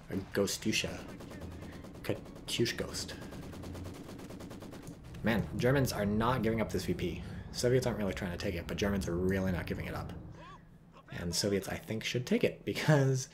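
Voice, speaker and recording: Low-voiced guy streaming a strategy game, wry jokey commentary, bouncy intonation, noisy mic hiss behind. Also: creaky. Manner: wry, joking, rambling asides while reading chat.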